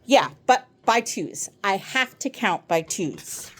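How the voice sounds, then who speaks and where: An excitable schoolboy tumbles through his story in a rambling, eager rush, as a woman reads him aloud. His voice swings up and down with lively ups and downs. It is a storybook reading. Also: medium pitch, slow, husky, full character voice.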